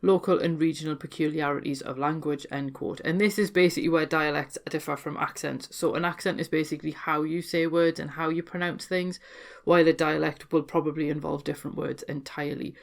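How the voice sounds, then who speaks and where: A podcast host from Newcastle in North East England talks through her topic in a chatty, explanatory monologue. She has a Geordie accent and a low, creaky voice, with a steady tone and a fairly quick pace.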